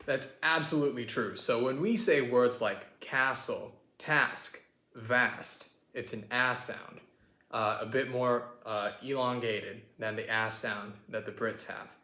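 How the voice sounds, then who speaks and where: A man's voice: medium pitch, a little slow, pushed and bright, echoey room. A man with an American accent hosting a casual lesson on pronunciation, chatty and upbeat. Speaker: host.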